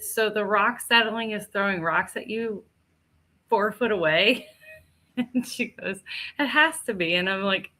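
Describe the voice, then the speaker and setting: A middle-aged woman telling a story in casual chat, animated and laughing often as she acts out what others said. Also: on the high side.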